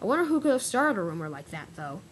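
A woman's voice: medium pitch, very animated, fast talker, a little hiss or hum, natural voice. A woman voicing a boastful, grumpy big male engine in a toy train story, talking in a huffy, defensive way.

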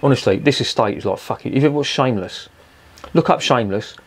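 A man's voice: mid-range voice, fast, husky. A man reviewing a beer in a rambling, profane, exasperated rant. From England. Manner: swears constantly, rambling and exasperated.

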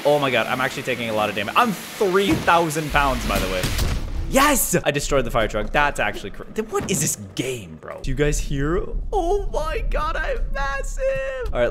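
A man giving let's play commentary, excitable and giggly, often yelping and shouting. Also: medium pitch. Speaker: gaming YouTuber. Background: game music.

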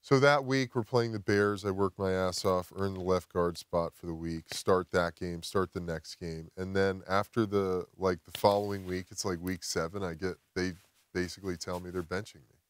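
A man, a podcast guest, telling a personal story outdoors in casual chat, animated and swearing freely. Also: low-pitched, moderate pace, clean tone, dry recording. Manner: animated, swears a lot, acts out quotes. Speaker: podcast guest, former football player.

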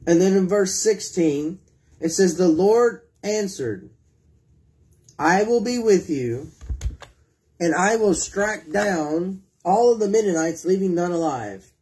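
A man preaches a sermon, reading scripture, questioning his congregation, and acting out prayers in a pleading voice. His voice is high and darkish in tone, with lively intonation, and he speaks slowly.

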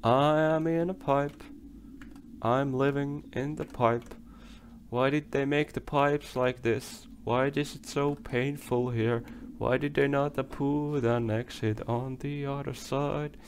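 Slow, gravelly young man gaming. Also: mid-range voice, fairly even intonation, a little hiss or hum. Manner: rambling, swears when frustrated, talks to himself. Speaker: let's play gamer. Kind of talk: game commentary.

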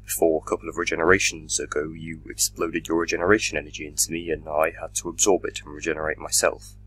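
A man voicing a slow, menacing armored villain. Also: a bass voice, level tone, a bit bright, husky, no room sound, heavily acted, low-quality recording. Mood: brooding. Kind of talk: fan audio drama reading.

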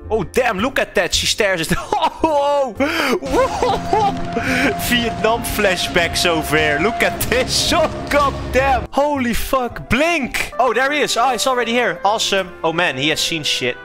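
A young man, not a native English speaker, giving casual, excitable let's-play commentary, laughing often and swearing. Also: extremely high pitch, unhurried, few pauses, music in the background. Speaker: streamer playing a game.

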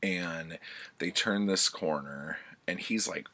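A man's voice: low-pitched, slow, pushed and bright. A man who runs a book channel, retelling a story in a casual, rambling way, full of fillers and swearing. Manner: rambling, filler-heavy, profane. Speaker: book vlogger.

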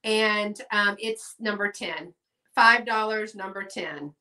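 A woman's voice: medium pitch, slow, sharp tone, recorded from a distance. A woman, hosting a live sale in a chatty, folksy way and talking to viewers in the chat. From Texas. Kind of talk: casual live-stream selling chat.

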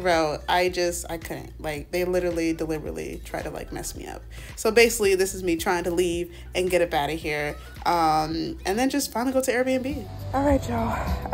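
A woman's voice: medium pitch, vocal fry. A young woman vlogging a trip in a casual, chatty way, slangy and laughing often, at times out of breath. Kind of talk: casual travel vlog.

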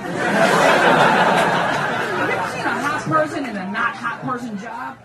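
A man doing a crude, exaggerated stand-up set and shouting some of his punchlines. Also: very high voice, a little slow, long pauses, distant mic, background noise. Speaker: stand-up comedian. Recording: roomy live club, loud crowd.

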